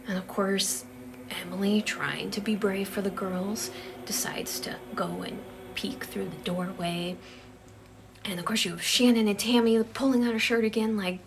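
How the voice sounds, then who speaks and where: A woman telling a ghost story in a hushed voice that keeps dropping to a whisper, with a creaky texture. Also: medium pitch, steady tone, measured pace, slight background noise.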